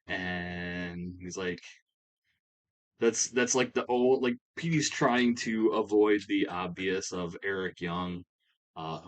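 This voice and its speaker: A man casually recapping a wrestling management game, rambling with plenty of fillers. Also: low voice. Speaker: game commentator. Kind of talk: comedic play-by-play of a wrestling sim game.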